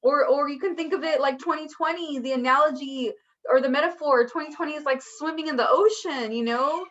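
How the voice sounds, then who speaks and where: A woman teaching a poetry workshop in a chatty, animated way, acting out small quoted outbursts. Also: high-pitched, a little fast, dull audio. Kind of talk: online workshop talk.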